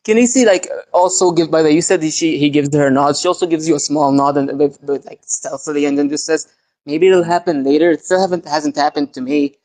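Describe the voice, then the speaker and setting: A casual tabletop player who laughs often and swears freely while narrating what their character does. The voice sits at a middle pitch and the delivery stays loose and chatty. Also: steady tone, fast, few pauses, a little mellow. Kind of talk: casual tabletop role-play chat.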